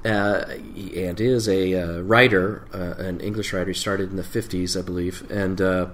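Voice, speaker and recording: A middle-aged man on a podcast talks in a fairly low voice. He stops and restarts often and fills gaps with "uh" as he recounts past work. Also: fairly even intonation, fairly bright tone. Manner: halting, many fillers and restarts. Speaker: guest. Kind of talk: casual conversational interview.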